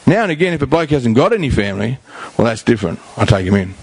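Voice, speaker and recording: A middle-aged Australian man, the founder of a rehab house, gives blunt, emphatic talk at a community forum, repetitive for effect and colloquial in his plain slang. His medium-pitched voice is very animated and quick, slightly rough with vocal fry.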